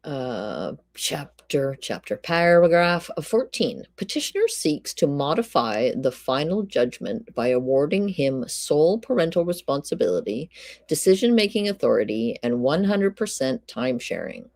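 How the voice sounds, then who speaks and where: A woman's voice: low-pitched, big pitch swings, measured pace, a little mellow, no room sound. A woman reading a court ruling aloud on a live stream, stopping now and then to greet chat and drop dry quips. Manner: reads legal text aloud, breaks off to greet chat and make dry quips. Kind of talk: live-stream read-through with asides to chat.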